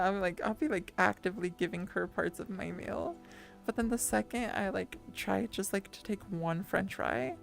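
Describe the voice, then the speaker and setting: A woman's voice: mid-range voice, moderate pace, gravelly, soft background music. A woman streamer chatting casually and rambling with her viewers, full of restarts and little laughs. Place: lying down at home.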